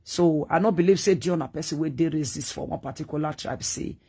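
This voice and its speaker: Husky Nigerian woman, pleading and rambling. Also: low voice, brisk, few pauses, warm tone. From Edo State, Nigeria. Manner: pleading, rambling, addresses viewers directly. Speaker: live-stream commentator. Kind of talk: casual live-stream monologue.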